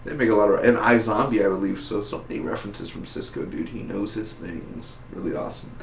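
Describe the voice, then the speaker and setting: A man casually reviewing a TV episode, rambling with lots of fillers and acting out scenes in quick impressions. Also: on the low side, gravelly, a little hiss or hum. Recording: roomy, distant-sounding home recording with faint background ambience.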